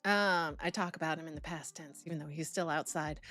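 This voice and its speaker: A woman's voice: sits low, steady tone, a little fast, few pauses, fairly bright tone, no room sound, faint music behind. A young adult woman streaming live, chatting casually with her chat in a rambling way and laughing often. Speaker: streamer reacting to videos and reading chat.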